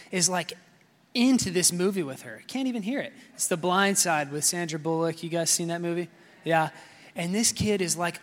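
A man's voice: high-pitched, a bit bright, long reverb tail. A man preaching a sermon with personal stories, talking casually with many fillers and calling out to the congregation.

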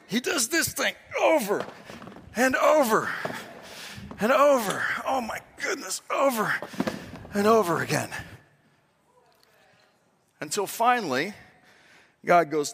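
A man's voice: sits high, very animated, fairly bright tone, slightly rough. Man preaching in a reverberant hall. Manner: emphatic, drawn-out dramatic delivery with acted-out quotes. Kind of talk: sermon.

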